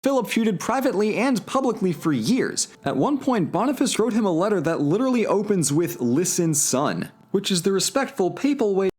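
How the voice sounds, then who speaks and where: A history video narrator reading scripted comedic narration with sarcastic, mock sports-commentator flair. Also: male voice, sits high, sing-song, moderate pace, few pauses, a little mellow, husky.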